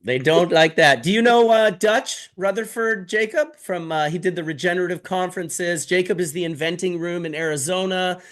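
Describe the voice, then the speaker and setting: A man hosting a casual live stream chat from his office, loud, joking and swearing as he tells stories. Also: high voice, moderate pace, hardly any pauses. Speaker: host.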